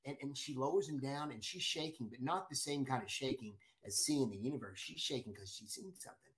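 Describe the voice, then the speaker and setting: A middle-aged man in mid-story, talking at a fairly ordinary pitch but stumbling over himself as the excitement builds. He keeps restarting and repeating words. His telling stays animated throughout. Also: fairly quick. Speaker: guest storyteller.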